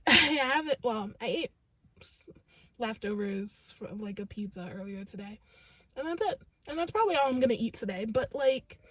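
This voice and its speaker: Young woman doing a tarot reading, high breathy voice, earnest and emphatic, says like a lot. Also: no room sound. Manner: earnest and emphatic, heavy use of "like" and "literally". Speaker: tarot reader. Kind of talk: casual channeled tarot reading.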